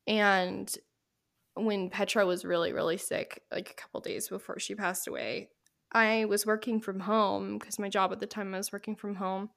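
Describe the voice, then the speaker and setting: A woman's voice: mid-range voice, flat delivery, moderate pace, vocal fry, fairly bright tone. A young woman hosting a podcast, tearful and apologetic, rambling with lots of fillers in casual chat. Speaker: podcast host.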